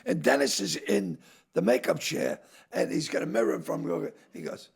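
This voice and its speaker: An older man with a raspy, gravelly voice, telling stories loudly, laughing and acting out the people in them. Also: fairly high pitch, huge pitch swings, normal speed. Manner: loud, laughing, acts out voices in his stories. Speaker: comedian guest. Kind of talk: animated storytelling.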